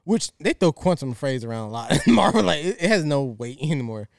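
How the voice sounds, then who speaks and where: A man chatting casually on a podcast, jokey and quick to laugh. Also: fairly high pitch, very animated, vocal fry, dry recording, studio quality. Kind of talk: casual chat.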